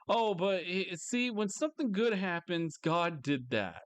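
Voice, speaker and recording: A man angrily ranting in a vlog monologue, swearing heavily, repeating himself and jumping into higher mocking voices. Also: big pitch swings, normal speed, hardly any pauses, dry recording. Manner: frustrated, swearing, repetitive. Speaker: vlogger.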